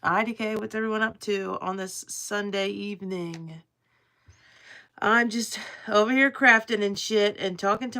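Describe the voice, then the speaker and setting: A woman's voice: medium pitch, pushed and bright. A woman live streaming from home while crafting, rambling casually and swearing freely as she chats to her viewers. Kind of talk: casual livestream chat to viewers.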